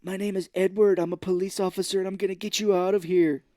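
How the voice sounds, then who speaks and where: A man putting on an impression of a frantic, melodramatic male police officer who yells his lines. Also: flat delivery, fast talker, dry recording, studio quality, close to an everyday voice. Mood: urgent. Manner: yelling, high-strung, melodramatic. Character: frantic shouting male cop, over the top.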